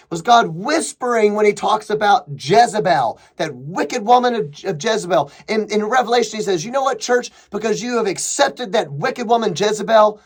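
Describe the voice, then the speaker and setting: Male podcast host with a high voice, opinionated and sarcastic commentary. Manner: emphatic, sarcastic, mocking impressions of opponents. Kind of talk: opinionated commentary reading a thread.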